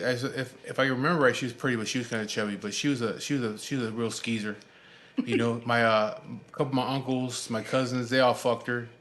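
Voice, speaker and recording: A man's voice: mid-range voice, fairly bright tone. A man in his forties, a show host telling a personal story in casual chat, rambling and swearing freely with many restarts. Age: 40s. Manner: rambling, profane, lots of fillers and restarts.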